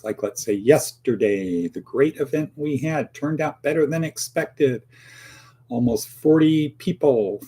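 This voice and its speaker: A man's voice: medium pitch, warm tone, husky. A man hosting a casual daily motivational monologue, rambling with playful asides and acted-out quotes. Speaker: host of a daily motivational talk.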